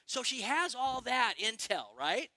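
A middle-aged male pastor preaching a sermon, excitable and animated, firing questions at the congregation. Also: very high-pitched, no echo. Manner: excitable, quick bursts, asks the congregation questions.

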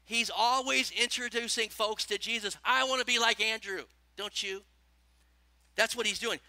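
A man's voice: high-pitched, moderate pace, dry recording. A man preaching a sermon and asking his listeners questions as he teaches. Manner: animated preaching, asks the congregation questions. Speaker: pastor.

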